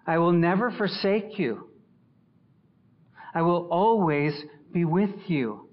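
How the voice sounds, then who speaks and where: A man preaching a sermon as pastor, rising loud for scripture and dropping low and soft for reflection. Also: a little slow, lo-fi sound.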